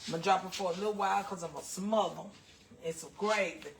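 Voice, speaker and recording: A woman's voice: fairly low pitch, quick pace, creaky, a little hiss or hum. Chatty Southern woman cooking live. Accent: Southern American. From American South. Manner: folksy, talkative, calls viewers baby and child. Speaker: cooking livestream host. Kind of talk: casual cooking chat to live viewers.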